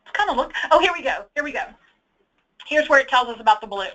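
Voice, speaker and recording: A woman's voice: high-pitched, lively intonation, fast, pushed and bright, a little hiss or hum, low-quality recording. A woman teaching a webinar while walking through reports on her screen, chatty and emphatic, often checking in with "okay?". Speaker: data trainer. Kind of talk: webinar screen-share walkthrough. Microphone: computer mic for online webinar.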